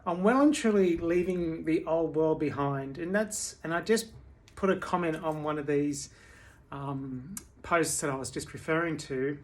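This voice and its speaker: A tired woman speaking candidly at home in a personal video diary, halting, with many restarts and fillers. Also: sits low. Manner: candid and confessional. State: tired from sleepless nights. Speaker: vlogger.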